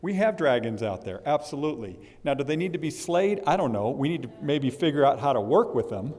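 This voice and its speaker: Man, mid-pitched, candidate speech, stumbles and repeats, echoing hall. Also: big pitch swings, darkish tone. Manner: halting, repeats words, emotional. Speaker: incoming association president. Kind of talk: candidate speech at a meet and greet. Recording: reverberant hall.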